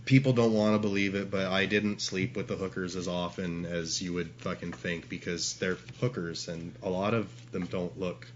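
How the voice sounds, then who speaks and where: A man's voice: low-pitched, steady tone, moderate pace, few pauses. A middle-aged man telling a story in a rambling, casual way, swearing often and laughing along. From Canada. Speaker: interview guest. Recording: dull lo-fi with faint hiss.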